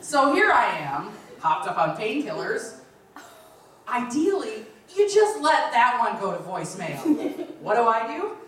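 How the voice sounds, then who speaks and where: A woman's voice: a little high, very animated, a little slow. A woman in her thirties tells a stand-up routine in a chatty, storytelling way, acting out other people's lines as she goes. Her voice is caught from a distance by the mic. It bounces around a very echoey room, with faint ambient noise underneath. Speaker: stand-up comedian. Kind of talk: live stand-up comedy. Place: lounge stage.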